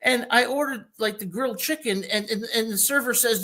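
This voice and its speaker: A young man from New Jersey hosting a casual sports talk show, joking and telling animated stories. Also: very high voice, fairly quick. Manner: boisterous, jokey, animated storytelling. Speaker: podcast host.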